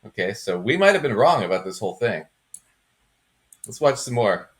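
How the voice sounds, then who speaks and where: A man's voice: lowish voice, very animated, moderate pace, fairly bright tone. A man hosting a reaction show, commenting on clips in a dry, mocking tone. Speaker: commentary host.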